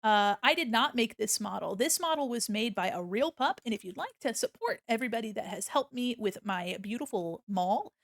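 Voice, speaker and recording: A woman streamer in casual live-stream chat, playfully yelling mock insults at her chat between friendly thank-yous. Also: fairly high pitch, expressive, normal speed, vocal fry, hardly any pauses, dry recording.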